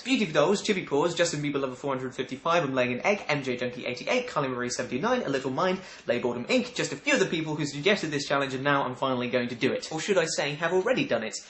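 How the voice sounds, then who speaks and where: A young British man with a bright, forward voice gives dry, sarcastic commentary as he vlogs. His voice rings in an echoey room. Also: medium pitch, a little hiss or hum. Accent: British English. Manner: sarcastic, deadpan asides, frequent laughing. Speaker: vlogger. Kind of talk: casual comic vlog, reading aloud and commenting.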